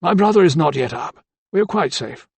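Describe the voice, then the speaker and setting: A man voicing a calm, tactful young male doctor in an audiobook, speaking in a measured way. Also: on the high side, gravelly, breathy edge, no echo, pitched above the performer's own voice, full character voice.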